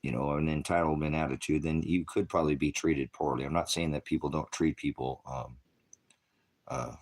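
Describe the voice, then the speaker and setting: An American man with a deep, low voice rambles through a casual livestream chat. He restarts his sentences often and fills the gaps with "you know.". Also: fairly even intonation, brisk. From United States. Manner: rambling, loose, full of fillers and restarts. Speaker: channel host.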